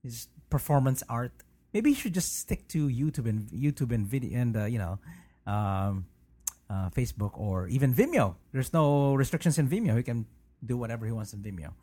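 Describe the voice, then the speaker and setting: Lively, husky joking man. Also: mid-range voice, moderate pace. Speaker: co-host. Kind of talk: casual banter.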